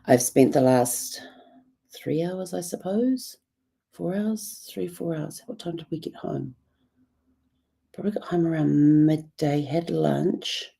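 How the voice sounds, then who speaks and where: A middle-aged woman with a New Zealand accent, hoarse and raspy from a bad cough, talking in a rambling, reflective way with many ums. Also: deep voice, slow, warm tone. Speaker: journalling vlogger. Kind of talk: casual reflective monologue.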